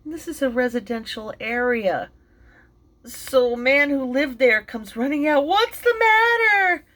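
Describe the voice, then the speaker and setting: A middle-aged woman telling an emotional personal story, halting, with many fillers and restarts, and sounding tearful and shaken. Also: fairly high pitch, fairly bright tone. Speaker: vlogger and mindfulness teacher.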